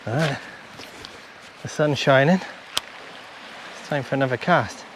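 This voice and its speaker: A British man giving chatty running commentary to viewers while fishing on a beach, excitable and talkative. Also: medium pitch, measured pace, noisy background. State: out of breath. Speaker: fishing vlogger and coach. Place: outdoors on a beach. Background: faint outdoor ambience.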